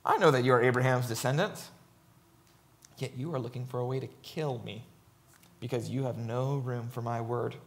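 A man's voice: medium pitch, steady tone, moderate pace. A man preaching a sermon, reading scripture aloud and commenting emphatically, often checking in with "right?".

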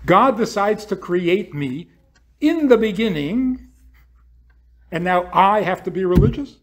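Animated, slow-paced rabbi giving a lecture. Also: male voice, high voice. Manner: provocative rhetorical questions; acts out imagined speakers. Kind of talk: lecture to an audience.

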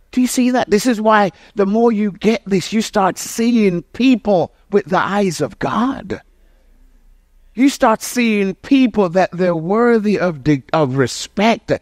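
Lively, emphatic male preacher. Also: sits high, no echo, clean studio sound. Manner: emphatic, rhetorical questions to the audience; restarts and corrects himself mid-phrase. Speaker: pastor. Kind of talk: sermon.

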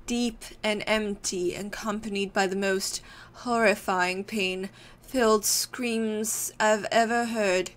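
A woman voicing a tormented gentleman haunted by a dark vision, reading his game dialogue aloud in a put-on, slightly odd accent. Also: medium pitch. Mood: haunted, solemn. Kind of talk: let's play dialogue reading.

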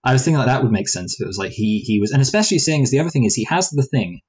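A man's voice: mid-range voice, animated, racing, darkish tone, husky, poor audio. A man co-hosting a film review chat, rambling and hesitant, with many restarts and playful speculative asides. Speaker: film review podcast co-host.

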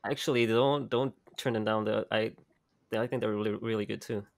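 A man with a fairly low voice chats loosely about a film. He hedges as he goes and often isn't quite sure of the details. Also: steady tone, brisk, creaky. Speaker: podcast co-host. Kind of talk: casual movie-discussion chat.

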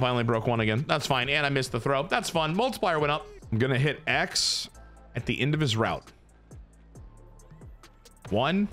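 A man's voice: on the high side, a bit bright. A young man giving casual, self-mocking commentary while playing a football video game, swearing often. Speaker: gaming YouTuber.

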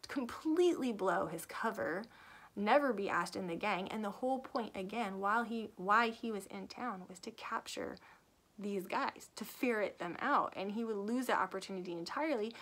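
Woman author, chatty book-review vlogger; lively plot retelling with acted-out lines and easy laughter. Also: medium pitch. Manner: laughs often while talking. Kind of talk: casual book review vlog.

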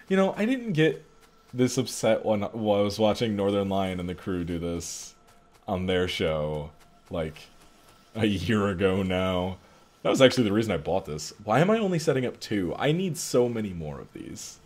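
Young guy grumbling at himself while he plays, kinda low voice, casual let's play talk. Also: animated, normal speed, a little mellow. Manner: self-critical, frustrated muttering at himself. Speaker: gaming channel host.

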